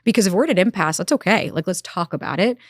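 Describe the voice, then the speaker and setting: A woman speaking as a relationship expert in a candid interview, telling stories quickly and swearing casually. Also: on the low side, dry recording, clean studio sound. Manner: fast, animated storytelling with casual swearing. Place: Los Angeles.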